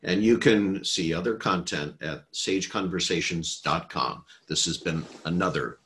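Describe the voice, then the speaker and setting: A man hosting an interview, friendly in tone and pausing on small fillers as he asks his guest questions and wraps up the show. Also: deep voice, fairly bright tone, slight background noise. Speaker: podcast host.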